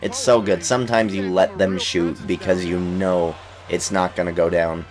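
A man's voice: low voice, moderate pace, soft background music. Coughing young man gaming. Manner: excitable, trash-talking the game. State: coughing, recovering from illness. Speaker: gaming YouTuber. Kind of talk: casual let's-play commentary.

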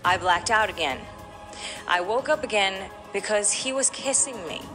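A woman guest in a candid podcast interview, telling a painful personal story with animated emotion. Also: medium pitch, moderate pace, faint music behind.

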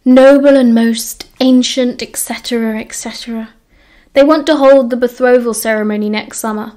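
A woman with a British accent reading the lines of a bitter, dramatic teenage boy wizard who enunciates crisply. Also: fairly high pitch, steady tone, normal speed, warm tone, lightly acted.

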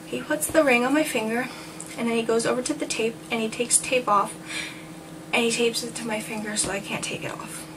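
A woman's voice: fairly high pitch, steady tone, a little fast. A woman from New Jersey chatting in a casual storytelling vlog, rambling along and quoting people in little voices. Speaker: vlogger. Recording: distant mic with noticeable background noise.

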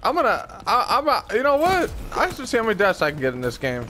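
Profane, exasperated gamer man, high lively voice. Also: slight background noise. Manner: drawn-out mocking chants. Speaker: gameplay commentator. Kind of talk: live gaming commentary. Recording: loud game gunfire behind the voice.

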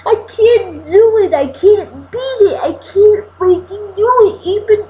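A woman's voice: very high voice, expressive, measured pace, mellow, low-quality recording. A woman giving casual let's-play commentary, frustrated and exclaiming, repeating herself as she plays. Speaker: gameplay commentator.

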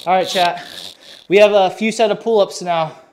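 This high-voiced man is a fitness streamer live-streaming his workout, breathless as he exercises and chats with viewers in a hyped, slangy way, reading their messages out loud. His intonation stays fairly even at a normal speed, and the recording carries a little hiss or hum.

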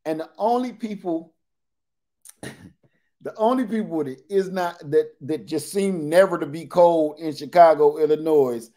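Animated joking male livestream host. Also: a little high, a little slow. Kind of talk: casual livestream storytelling.

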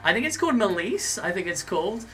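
A man's voice: sits high, very animated, fast, fairly bright tone, slight background noise. A man from Australia, a podcast guest chatting casually and telling travel stories. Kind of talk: casual chat.

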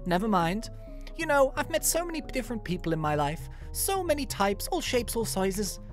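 A woman's voice: very animated, normal speed, faint music behind, close to an everyday voice. Woman voicing a sing-song old spirit bear with a put-on Irish accent. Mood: fussy, doting. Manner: high, fluttery, sing-song, calls the player dear. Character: elderly female spirit bear, fussy and motherly. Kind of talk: reading game dialogue aloud in a voice.

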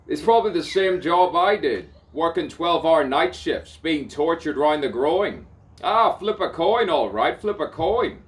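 A man's voice: a little high, animated, a little slow, distant mic. A man, a self-described poet and playwright, delivering a rambling spoken-word monologue, repeating phrases, swearing freely and breaking into song. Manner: repetitive, theatrical, swears freely.

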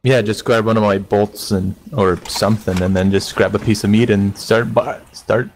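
A man's voice: lowish voice, fairly even intonation, normal speed, a little hiss or hum. A man playing a tabletop game in casual chat, laid-back and a little hesitant. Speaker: player.

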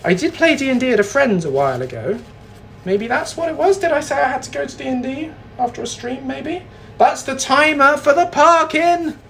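Chatty British man, lively voice. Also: very high voice, a little fast, gravelly, slight background noise. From Britain. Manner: joking, self-deprecating, rambling. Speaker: livestream host. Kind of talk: casual livestream chat while baking.

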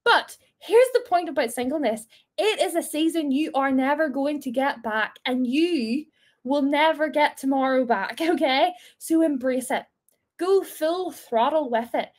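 A small group leader in her twenties runs a casual faith talk, playful and encouraging and laughing often. Her voice sits high with a darkish tone.

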